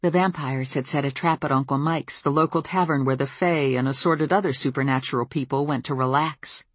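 A woman reading a first-person story aloud, calm, wry and measured. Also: rumbling low, no echo. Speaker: audiobook narrator. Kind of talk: first-person scripted narration.

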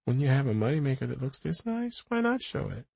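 A man's voice: mid-range voice, big pitch swings, brisk, creaky, darkish tone, slightly rough, dry recording, voice pushed up, heavily acted. A man voicing a brash, playful young woman singer in an audiobook, with a teasing, showy way of talking.

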